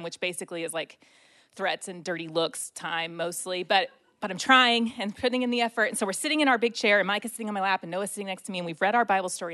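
Woman, 30s, animated self-deprecating storyteller, conversational delivery. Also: mid-range voice. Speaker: speaker sharing a personal story. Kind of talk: storytelling talk.

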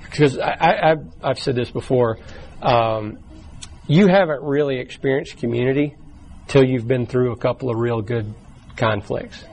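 A man's voice: medium pitch, normal speed, a little mellow, poor audio. Man teaching a church small group. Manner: casual, repeats words and restarts often; acts out quoted voices in short bursts. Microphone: taped from the room.

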